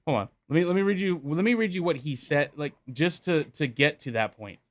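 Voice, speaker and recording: A man's voice: on the high side, animated, a little fast, no echo. A man co-hosting a wrestling podcast in casual chat, bluntly arguing his points. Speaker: podcast co-host.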